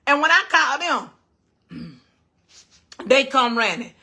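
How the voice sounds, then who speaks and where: A middle-aged woman, hosting a casual cooking livestream, firing off animated rhetorical questions. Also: high-pitched, takes it slowly. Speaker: cooking show host.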